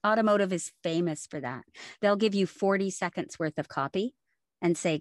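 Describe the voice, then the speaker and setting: Chatty woman, low dry voice. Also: moderate pace, no room sound. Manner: chatty, laughs often. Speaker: voice actor. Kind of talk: casual interview talk.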